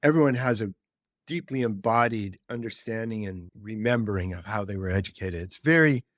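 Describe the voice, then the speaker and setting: A man calmly explaining ideas in conversation. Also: on the low side, dry recording, clean studio sound. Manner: measured, explanatory. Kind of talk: reflective conversation.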